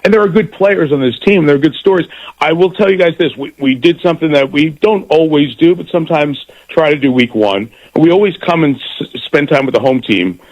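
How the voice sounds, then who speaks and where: A middle-aged football broadcaster talks as a guest on a radio interview, lively and prone to repeating words when he begins a thought. His voice sits on the high side and moves briskly, with the high frequencies cut off in the recording.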